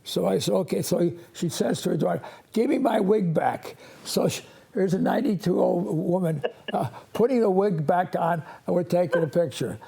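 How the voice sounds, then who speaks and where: Gravelly old priest, rambling warmly. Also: male voice, high voice. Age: 80s. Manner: halting, with frequent restarts and chuckles. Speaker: priest hosting a call-in show. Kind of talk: rambling call-in storytelling.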